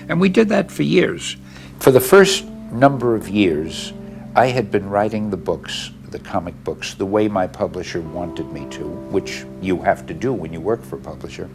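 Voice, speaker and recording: An older man in an interview, spinning tales with a lively, swooping delivery. His voice sits low and carries a gravelly edge, and he slips into little performances of what people said. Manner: animated, lively storyteller who acts out dialogue. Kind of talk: storytelling interview.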